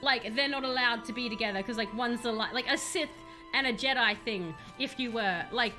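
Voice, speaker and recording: A woman's voice: fairly high pitch, brisk, pushed and bright, soft background music. A young woman streaming a video game, chatting casually with playful, rambling jokes. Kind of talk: casual live-stream chat while playing.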